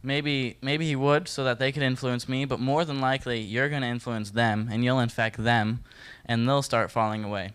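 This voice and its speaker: Guy teaching a bible study, laid back and jokey, clear smooth voice, mid pitch. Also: moderate pace, few pauses. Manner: relaxed, joking, talks straight to the group. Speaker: youth Bible study leader. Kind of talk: casual Bible teaching talk.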